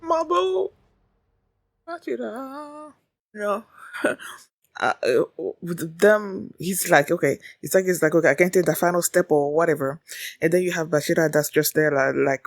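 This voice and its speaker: A woman's voice: deep voice, creaky, no room sound, clean studio sound. A woman hosting an anime reaction video, chatting casually and rambling with lots of "like" and "um". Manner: rambling, full of "like" and "um". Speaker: anime reaction channel host.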